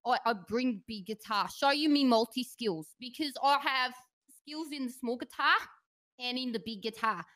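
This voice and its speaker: A woman's voice: a little high, moderate pace, a bit bright, lightly acted. A woman voicing a brash young Australian wannabe singer with a broad Australian accent, talking in cocky slangy banter with broken grammar. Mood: boastful. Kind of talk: comedy sketch from a livestream.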